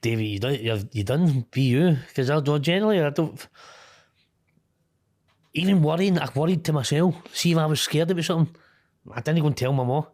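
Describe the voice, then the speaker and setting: A man's voice: a little high, brisk, darkish tone, no echo, studio quality. A middle-aged Scottish man talking candidly as an interview guest, blunt, swearing casually and laughing easily.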